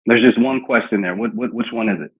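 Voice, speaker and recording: Heard over tinny, phone-style audio, a man with a fairly low, husky voice speaks quickly. He is leading a live sales training session, coaching his team on cold-call lines and role-playing phone exchanges.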